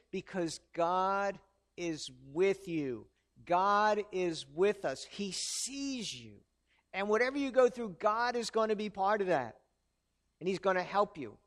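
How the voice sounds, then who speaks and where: Preaching to his congregation, a high-voiced male pastor stays earnest yet conversational. He frequently throws rhetorical questions out to them.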